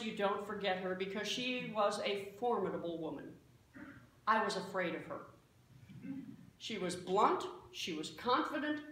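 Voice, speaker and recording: A woman's voice: mid-range voice, a bit bright. A woman pastor preaching a sermon as a self-mocking story, recorded in a church sanctuary. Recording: very echoey church hall, faint noise.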